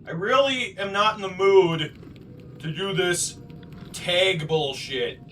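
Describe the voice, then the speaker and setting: A man hosting a game playthrough, muttering to himself and then shouting and swearing in frustration, teasing himself as he plays. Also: high-pitched, takes it slowly, far from the mic, a little hiss or hum. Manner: excitable, swings from muttering to shouting; self-deprecating, swears. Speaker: gaming channel host. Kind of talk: let's play commentary.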